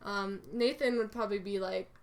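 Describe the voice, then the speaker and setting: A woman's voice: mid-range voice, fairly even intonation, moderate pace. A young woman co-hosting a podcast, chatting casually about her role-play characters in a rambling, giggly way with many fillers. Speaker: podcast co-host.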